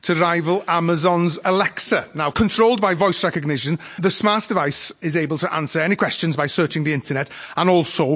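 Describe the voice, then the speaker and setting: A man with a North Wales accent doing a stand-up routine on stage, with dry, deadpan storytelling. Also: on the high side. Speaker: stand-up comedian. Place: stage before a live audience. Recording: live audience noise.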